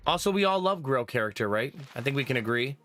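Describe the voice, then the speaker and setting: Bright, lively male game streamer. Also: medium pitch, quick pace, slight background noise. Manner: chatty, laughs often, talks to chat. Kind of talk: casual live-stream chat.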